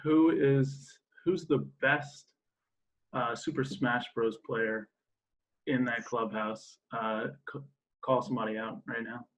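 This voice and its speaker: A man hosting an interview, asking questions in a loose, halting way with frequent "uh"s. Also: mid-range voice, steady tone. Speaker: interviewer, team staff host. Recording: slightly dull, lo-fi sound.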